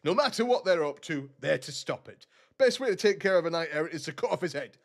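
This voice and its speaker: A man's voice: a little high, lively intonation, quick pace. A man voicing a boastful, coarse male bandit boss reading out his own notice in a swaggering way.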